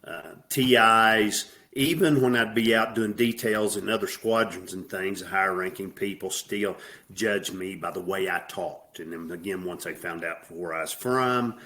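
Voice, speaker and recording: Middle-aged southern guy, lowish voice, drawling, lots of uh and you know. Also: unhurried, sharp tone. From American South. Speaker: guest. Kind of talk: casual interview.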